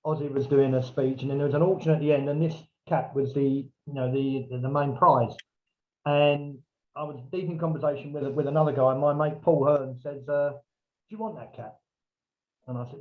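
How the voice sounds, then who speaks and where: A man tells a long casual anecdote as a podcast guest, bringing in other people's lines in lively, raised voices. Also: mid-range voice, a little fast. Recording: dull, lo-fi remote audio.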